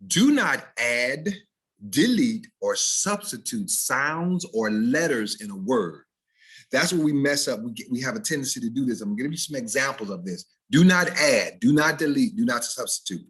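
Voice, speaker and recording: A man with a Southern American accent, an educator giving a lively recorded video-call lesson on speech and code switching. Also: medium pitch, moderate pace, breathy edge. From Southern United States. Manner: animated, switches into dialect examples for contrast. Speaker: educator teaching diction.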